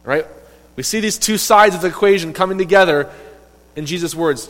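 A man preaching a sermon, retelling a story in a lively, emphatic way and voicing the quoted characters. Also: high voice, a little fast. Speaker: pastor. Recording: long reverb of a hall.

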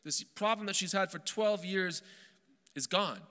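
In a reverberant hall, a male pastor preaches in a high, very bright voice. His sermon is earnest and emphatic, slowing down on key phrases and restarting words as he goes.

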